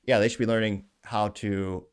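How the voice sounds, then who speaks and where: A man's voice: on the low side, level tone, normal speed, clear, resonant tone. A man hosting a commentary show, reading out social media comments with dry, sarcastic jokes and self-deprecating asides. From Cuban heritage. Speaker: show host.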